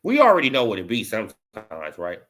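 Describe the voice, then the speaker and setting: This boxing vlogger has a fairly low voice and talks a little fast through a casual opinion rant. It's loaded with slang and "bro" and "you know," building to animated mockery toward the end.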